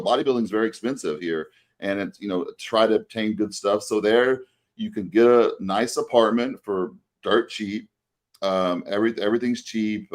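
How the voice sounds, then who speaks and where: A man with a low voice tells a story on a podcast, looping back through fillers and false starts. His delivery is loose and conversational, a co-host talking with a friend. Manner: rambling anecdote with many fillers and restarts. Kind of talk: casual storytelling chat.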